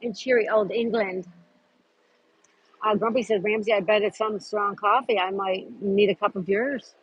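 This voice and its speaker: A woman's voice: mid-range voice, steady tone, normal speed, breathy edge, no room sound, dull audio. A woman hosting a casual live stream outdoors at a park, chatting and greeting viewers by name as she reads their comments. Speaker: livestream host.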